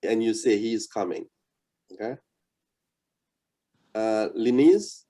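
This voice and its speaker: A man's voice: lowish voice, lively intonation, mellow. A man, giving a patient, coaching language lesson over a video call. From Haiti. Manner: patient, coaching, repeats words slowly. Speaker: language instructor. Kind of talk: interactive online lesson.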